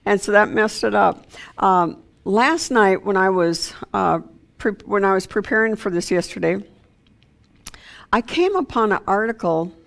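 A woman's voice: mid-range voice, lively intonation, unhurried, vocal fry. A woman preaching an informal sermon, talking conversationally with many fillers and restarts.

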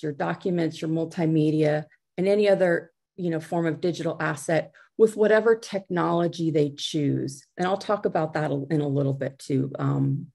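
Low-voiced woman giving a conference talk. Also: creaky, warm tone. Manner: conversational, with fillers and restarts. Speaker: conference speaker. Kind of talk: accessibility talk over video call. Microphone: video call.

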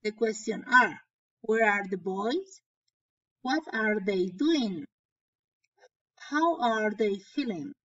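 Slow woman teacher reading aloud. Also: medium pitch, lively intonation, fairly bright tone, breathy edge, muffled recording. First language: Spanish. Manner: slow, explaining and translating into Spanish. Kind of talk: reading a story aloud to children.

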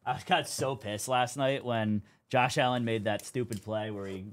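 A man's voice: mid-range voice, fairly even intonation, moderate pace. A young man hosting a live card break stream, chatting casually as he calls out cards and teams.

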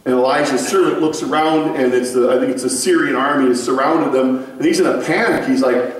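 A man preaching a sermon as a pastor, telling stories in a conversational, animated way and turning to people in the congregation. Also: medium pitch, fast talker. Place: church sanctuary. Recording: very echoey room, mic far off.

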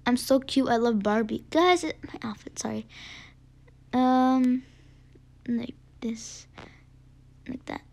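A woman giving chatty gameplay commentary, excitable, gasping often and dropping into whispered asides. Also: fairly high pitch, slow pace, creaky, pauses often. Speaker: gaming video creator.

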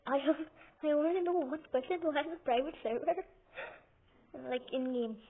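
A woman's voice: high-pitched, moderate pace. A young woman chatting casually while playing a game at home on her couch, rambling and giggling with lots of hesitations. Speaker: gaming video host. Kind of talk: casual gameplay commentary. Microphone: phone or computer mic, sometimes covered by her hand. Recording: tinny phone-like audio with faint hiss.

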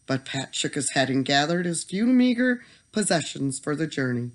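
A storyteller reading a bedtime story aloud in an expressive manner that slows for tension. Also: medium pitch.

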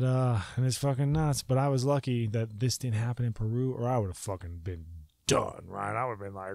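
A man's voice: mid-range voice, no room sound, studio quality. A man vlogging a wild personal story to camera, swearing freely and acting out his own reactions. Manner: profane, excitable, acts out his own reactions.

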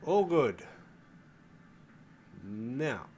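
A man's voice: mid-range voice, sing-song, extremely slow, a little mellow, a little hiss or hum. An older man hosting a gaming video, chatting casually and thinking aloud as he plays, swearing freely and calling his viewers folks. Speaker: gaming channel host. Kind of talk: casual gameplay commentary.

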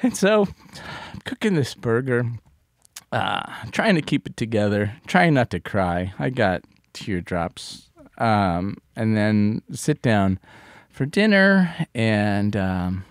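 A man co-hosting a podcast, telling a painful personal story in a halting way, often restarting and dropping his voice low. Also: sing-song, no echo, clean studio sound. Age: adult parent of a small child. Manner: halting, restarts sentences, drops to soft tones. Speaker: podcast co-host.

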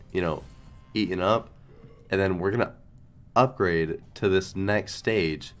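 Young male streamer, sick, very low voice, rambling self-deprecating commentary, faint background music. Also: unhurried, pauses often. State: sick, coughing. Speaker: slot streamer. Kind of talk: casual gambling stream commentary.

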